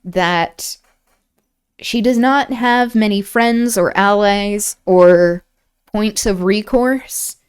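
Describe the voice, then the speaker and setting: A woman streamer reading a classic novel aloud, breaking off for relaxed, chatty asides. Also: mid-range voice, very slow, clear, resonant tone. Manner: relaxed, chatty asides and laughter between passages.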